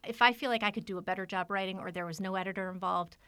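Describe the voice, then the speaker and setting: A woman's voice: mid-range voice, fairly even intonation, very fast, pushed and bright, clean tone, no echo. A woman co-hosting a casual book discussion, chatty and self-deprecating, laughing often. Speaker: podcast co-host.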